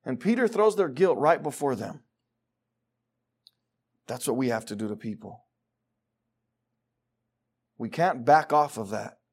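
A man preaching a sermon with fervour, swinging from low, quiet stretches to loud, emphatic bursts. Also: expressive, a little slow, pauses often, husky.

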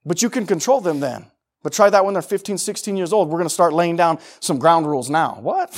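A middle-aged pastor with a high voice preaches briskly, in an emphatic, conversational sermon style that leans on repeated phrases.

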